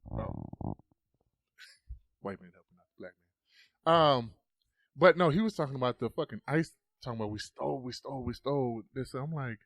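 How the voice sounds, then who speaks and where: A man's voice: mid-range voice, sing-song, normal speed, creaky, long pauses, no room sound. A man, a podcast guest, telling a story casually into a close mic. He swears often and acts out the voices.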